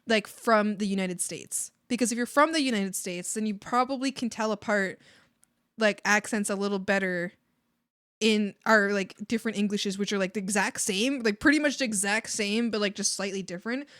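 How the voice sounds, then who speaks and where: A woman's voice: mid-range voice, normal speed, a bit bright. A Canadian woman livestreaming while she draws, chatting casually with viewers and filling her talk with "like". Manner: chatty, giggly, heavy use of filler "like". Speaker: art streamer.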